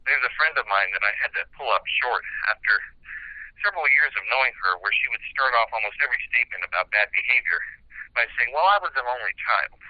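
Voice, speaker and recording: A man who writes sketch comedy reflects aloud, pausing often and circling back with fillers. The recording is dry and close. His sound is slightly dull and muffled. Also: medium pitch, dry recording. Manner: halting, thoughtful, many fillers. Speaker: sketch writer on a radio show. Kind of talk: reflective conversation.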